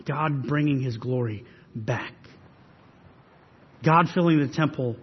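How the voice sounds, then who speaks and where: A man's voice: medium pitch, slow pace. A pastor delivering a sermon, preaching earnestly and pressing his listeners with rhetorical questions. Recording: husky voice in long reverb hall, dull sound.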